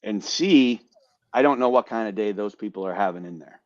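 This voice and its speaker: A man on a podcast telling a story in a casual, animated way, swearing and repeating words as he goes. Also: fairly low pitch, a little fast, no echo, dull audio. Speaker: podcast host, veteran.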